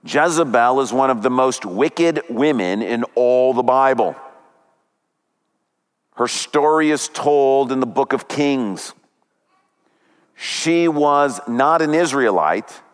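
A man's voice: medium pitch, lively intonation, slow, big-room sound. A man preaching a sermon as pastor, retelling a story dramatically with big swings up and down.

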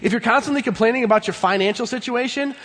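A man in his thirties preaching a sermon in a church, emphatic, swinging between loud bursts and low, earnest tones. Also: quick pace. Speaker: pastor. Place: church sanctuary. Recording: long hall reverb.

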